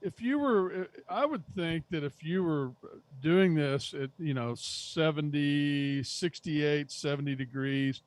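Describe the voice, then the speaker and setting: A man co-hosting a homebrew podcast, stumbling over his words with a wry humor. His voice is a bit high for a man, and the sound is dry and close, with no room echo. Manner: halting, repeats words, wry. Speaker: podcast co-host. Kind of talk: casual chat.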